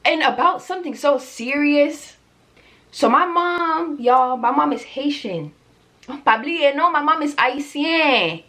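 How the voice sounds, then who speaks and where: A young woman telling a story in a vlog, animated and chatty, addressing her viewers directly. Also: sits high, slow. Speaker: vlogger.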